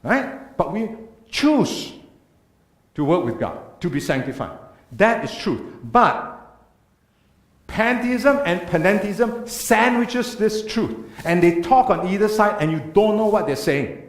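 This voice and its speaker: Man speaking in a church, fairly high, animated delivery, echoey room, earnest lecturing tone. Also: slow pace. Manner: earnest, emphatic lecturing with rhetorical questions. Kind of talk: church talk. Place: church hall.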